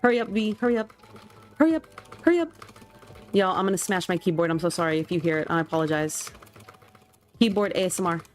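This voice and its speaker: A woman's voice: on the low side, quick pace, slight background noise. A young woman streamer chatting casually and animatedly while she plays a game, full of slang and exclamations. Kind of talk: casual chat while gaming.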